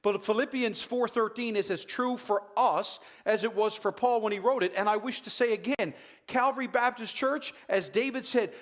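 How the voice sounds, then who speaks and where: High-voiced guy pastor preaching a sermon to folks watching online, emphatic, drops real soft sometimes. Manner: emphatic, dramatic pauses, drops to a soft low voice. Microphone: livestreamed to viewers at home.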